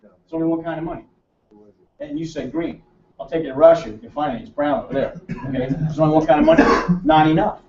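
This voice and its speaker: A man's voice: a little high, lively intonation, fast talker, gravelly, mellow. An American man giving a seminar to a live audience, brash and joking, quizzing people in the room and teasing them. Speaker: seminar presenter. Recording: roomy, distant, dull room mic.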